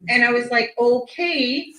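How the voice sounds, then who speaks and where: A woman guest telling a story in casual chat, lively and full of quoted speech and swearing. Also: on the high side, measured pace. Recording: echoey room.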